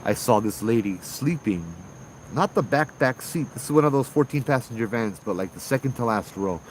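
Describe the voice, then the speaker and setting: A man with a Hawaii local accent telling a ghost story casually, animated, acting out the voices of people in it. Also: mid-range voice, moderate pace, a little hiss or hum, poor audio. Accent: Hawaii local English. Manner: animated, acts out voices in dialogue. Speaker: ghost tour guide and storyteller.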